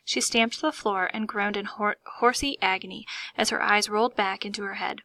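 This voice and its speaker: Bright-voiced woman reading a story aloud. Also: mid-range voice, normal speed, no room sound. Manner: lively, expressive comic reading. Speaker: audiobook reader. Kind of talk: first-person storybook narration.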